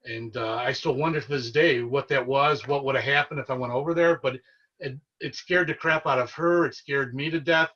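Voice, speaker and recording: A man with a bright, edgy and somewhat husky voice tells a story in an earnest, excitable way. He sounds set back from the microphone, and the recording is dull and lo-fi. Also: medium pitch, normal speed, recorded from a distance. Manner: earnest, excitable storyteller who relives events. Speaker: paranormal investigator guest. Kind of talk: casual storytelling interview.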